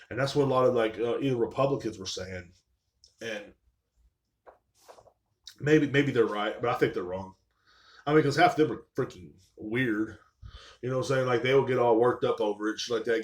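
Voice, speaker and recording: A man talks in a loose, rambling rant on his own live-streamed podcast, swearing constantly. His breathing is labored and audible, and his pitch sits in the ordinary middle range for a man. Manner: profane, rambling, mocking. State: short of breath. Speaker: podcast host. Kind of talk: casual rant. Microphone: live stream mic.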